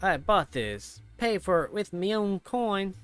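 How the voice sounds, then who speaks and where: A man voicing a desperate young female refugee in a high, strained falsetto with a put-on Southern accent. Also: very animated, a little slow, fairly bright tone, smooth, soft background music, heavily acted. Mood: pleading.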